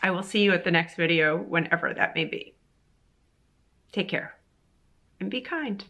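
Bright-voiced exasperated woman vlogger. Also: on the low side, steady tone, moderate pace. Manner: emphatic, exasperated, repeats phrases for emphasis. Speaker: veterinary oncologist vlogger. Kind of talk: frustrated vlog monologue to camera.

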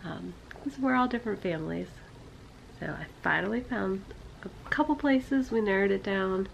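A young woman and mother narrating a casual family vlog, quiet and low as she recounts, loud and high when she talks to her babies. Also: moderate pace, vocal fry, dull audio, slight background noise.

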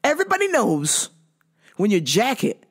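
Profane, animated woman podcast host. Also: a little high, moderate pace. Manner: loud, profane, laughing often. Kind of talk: casual storytelling rant.

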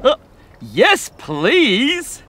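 A man's voice: extremely high pitch, huge pitch swings, extremely slow, bright, forceful tone, soft background music, exaggerated voice. A man acting as a silly, cheerful male clown on a children's TV show, giggling and exclaiming as he is startled. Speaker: children's TV character.

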